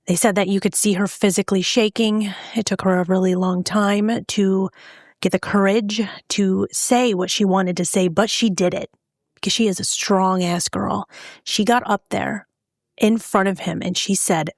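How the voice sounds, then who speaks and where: A woman hosts a true-crime podcast, telling the story conversationally at a medium pitch. She is blunt and salty, with openly scornful asides. Her voice sounds dry and close, with no room echo. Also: steady tone, a little slow. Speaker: podcast host.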